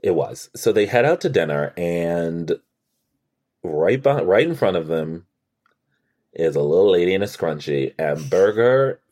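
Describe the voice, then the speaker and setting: Animated, profane male podcast co-host. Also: low voice, measured pace. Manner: animated, profane, acts out characters' lines. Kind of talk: casual chat recapping a TV show.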